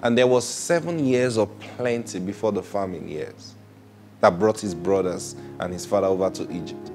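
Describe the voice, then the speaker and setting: A man preaching a sermon, swinging between loud exclamations and hushed, slow asides, and acting out prayers and conversations. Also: on the low side, soft background music. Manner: acts out prayers and conversations in changed voices.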